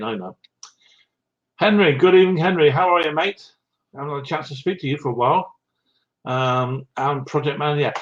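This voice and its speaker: This livestream host has a mid-range voice captured on dull audio. He chats casually, reading live comments and greeting viewers by name with small laughs, slightly out of breath.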